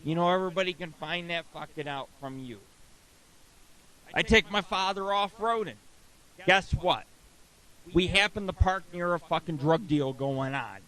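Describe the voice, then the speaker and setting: A man's voice: high-pitched, moderate pace, pauses often, low-quality recording. A middle-aged man hosting a radio talk show, telling crude rambling stories with constant swearing. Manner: profane, rambling, animated.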